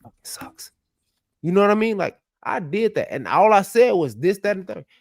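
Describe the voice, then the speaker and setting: A man telling a story in casual podcast chat, loud and profane, animated, with sudden drops to mutters. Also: high-pitched, a little fast, gravelly, no echo. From United States.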